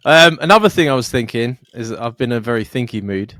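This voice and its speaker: A man's voice: mid-range voice, animated, quick pace, a bit bright, no echo, studio quality. A young man co-hosting a podcast, ranting and joking with plenty of swearing. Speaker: podcast co-host. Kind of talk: casual chat.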